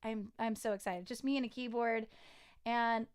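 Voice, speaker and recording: Giggly, excitable woman with a smooth voice. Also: fairly high pitch, a little slow. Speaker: singer-songwriter and pianist. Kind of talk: casual livestream chat.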